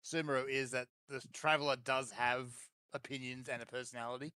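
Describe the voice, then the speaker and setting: A man's voice: medium pitch, fairly even intonation, brisk, pushed and bright, clean tone, no echo. A man, chatting casually as a podcast co-host, easygoing and plainspoken. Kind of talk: casual chat.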